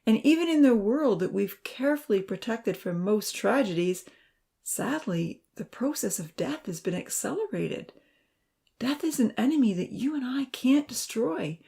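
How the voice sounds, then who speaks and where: A woman voicing an earnest, gentle young male assistant who pleads softly in a storybook reading. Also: medium pitch, big pitch swings, a little slow, gravelly, voice pushed up. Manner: pleading, soft-spoken.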